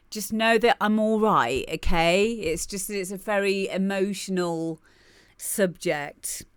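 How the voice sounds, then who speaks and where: Slow, smooth-voiced woman streamer. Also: medium pitch, fairly bright tone, dry recording, studio quality. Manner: rambling, laughing, greets chat by name. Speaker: livestream host. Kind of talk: casual chat with live viewers.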